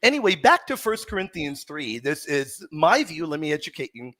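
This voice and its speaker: A man hosting a heated livestream debate, teasing his opponent and repeating words in quick bursts. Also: fairly high pitch, very animated, sharp tone. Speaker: debate host.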